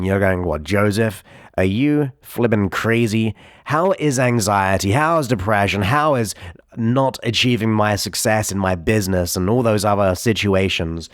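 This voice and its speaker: Emphatic low-voiced motivational man. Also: dry recording, studio quality. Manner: emphatic, energetic, with rhetorical questions. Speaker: hypnotherapist and self-help speaker. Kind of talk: motivational talk to camera.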